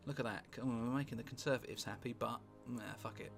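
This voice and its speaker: A British man casually commentating on a strategy game he is playing, rambling and wry, with sweary asides and thinking out loud. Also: mid-range voice, fairly even intonation, fast talker, creaky. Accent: British English. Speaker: gameplay commentator. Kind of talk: casual let's-play commentary. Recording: music playing underneath.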